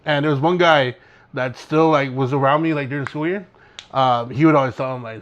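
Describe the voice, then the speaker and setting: A man's voice: mid-range voice, fairly quick, fairly bright tone, lo-fi sound. A young man co-hosting a podcast, telling a school story in casual chat and acting out both sides of the dialogue. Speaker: podcast co-host.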